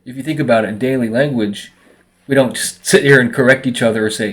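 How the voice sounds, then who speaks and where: A man talks casually to his viewers in a vlog-style monologue to camera, rambling and relaxed with plenty of filler words. His voice is medium in pitch and his pace is fast.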